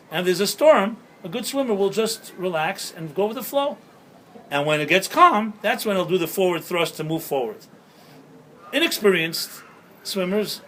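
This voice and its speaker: Rabbi's storytelling sermon, man, slightly high voice. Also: fairly bright tone, slight background noise, low-quality recording. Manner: storytelling with jokes and rhetorical questions. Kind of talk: sermon-style talk. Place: outdoors at sunset.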